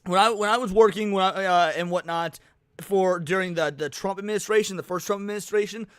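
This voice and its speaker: Brief: male streamer, high smooth voice, dry close sound, profane and rambling. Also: brisk, fairly bright tone, no room sound. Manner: rambling, profane, joking, many restarts. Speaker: stream host reacting to videos. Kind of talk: casual live reaction stream.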